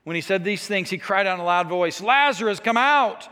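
A man's voice: sits high, little pitch movement, fast talker, bright, forceful tone, smooth, big-room sound. A man preaching a sermon in an earnest, conversational way, with small restarts. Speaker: pastor.

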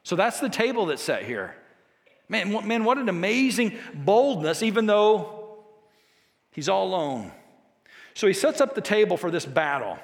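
A man preaching a sermon, telling a scripture story with emphatic, animated delivery. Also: sits high, moderate pace, pauses often. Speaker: pastor. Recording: long reverb of a large hall.

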